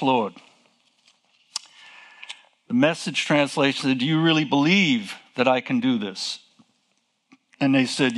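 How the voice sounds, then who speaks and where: A man preaching a sermon, asking rhetorical questions, repeating phrases and exclaiming with excitement. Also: fairly high pitch. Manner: asks rhetorical questions to the listeners.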